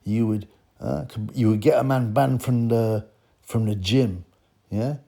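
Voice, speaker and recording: A man's voice: medium pitch, steady tone, unhurried, creaky, warm tone. A man ranting bluntly through a story on his vlog, repeating himself indignantly. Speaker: vlogger.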